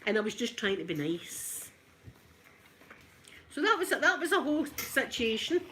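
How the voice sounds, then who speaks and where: Middle-aged Scottish woman with a Glasgow accent, chatty vlog storyteller, voice sitting a little high. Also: big pitch swings, slow pace, pauses often, bright, forceful tone, a little hiss or hum. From Scotland. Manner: chatty, frequent "right?" asides, laughing often. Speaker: vlogger. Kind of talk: casual storytelling while ironing.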